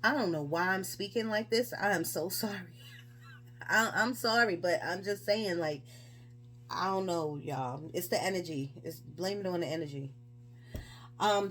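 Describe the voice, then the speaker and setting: A woman gives a casual tarot reading in a chatty, emphatic manner, firing off rhetorical questions. Her voice sits at an ordinary middle pitch and sounds a bit bright.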